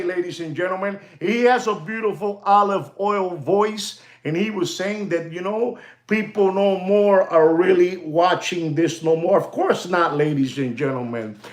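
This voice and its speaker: Man, content creator, slightly high-pitched, repetitive rambling rant aimed at his viewers. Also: reverberant. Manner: rambling, repetitive, keeps saying "you know" and "ladies and gentlemen". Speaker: watch channel content creator.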